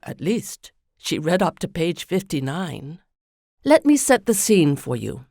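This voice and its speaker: Woman narrator, low voice, dry close recording, measured storytelling, scripted podcast. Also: sing-song, gravelly, a little mellow, no room sound.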